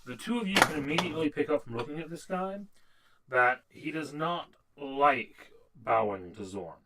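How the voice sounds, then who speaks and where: A man's voice: on the high side, lively intonation, moderate pace, bright, forceful tone, poor audio. A man running a tabletop game as game master, describing scenes with frequent restarts. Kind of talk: narrating a tabletop game over a call.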